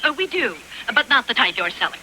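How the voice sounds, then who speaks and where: A prissy bossy health farm lady, bright sharp voice, scolds a lot. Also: a little high, very animated, fairly quick, slight background noise, full character voice, rough recording. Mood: prim. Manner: prim, scolding. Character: prim, disapproving female health farm boss.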